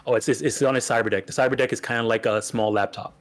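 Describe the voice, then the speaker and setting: Guy running a tabletop game, mid pitch, keeps restarting sentences. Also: steady tone, soft background music. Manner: halting, many fillers and restarts. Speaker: game master.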